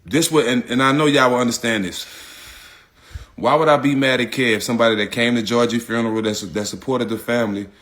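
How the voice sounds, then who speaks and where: Forceful, emphatic man talking straight. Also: mid-range voice, fairly even intonation, a little fast. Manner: emphatic, repetitive, slangy. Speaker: public figure speaking out. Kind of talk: casual direct-to-audience talk.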